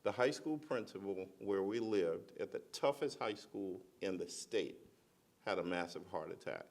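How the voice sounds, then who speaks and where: A middle-aged man on a conference panel, a school principal telling a lively personal story and acting out the voices of the people in it. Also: sits low, moderate pace. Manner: animated storyteller, acts out quoted voices.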